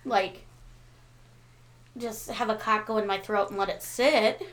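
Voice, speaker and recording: A woman's voice: medium pitch, fairly even intonation, measured pace, a bit bright. A woman co-hosting a casual podcast, laughing often as she chats and reads listener letters aloud. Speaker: podcast co-host. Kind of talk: casual chat.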